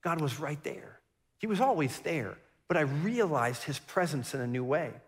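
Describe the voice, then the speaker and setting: Middle-aged pastor guy preaching, kinda high voice, restarts words a lot, church hall echo. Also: expressive, moderate pace. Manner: personal storytelling, earnest and reflective; repeats and restarts words often. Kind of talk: sermon. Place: church sanctuary.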